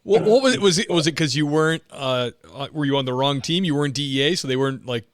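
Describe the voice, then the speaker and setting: A man hosting an interview podcast, chatting casually and reacting quickly. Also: a little high. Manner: relaxed, quick reactions and laughter. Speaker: podcast host.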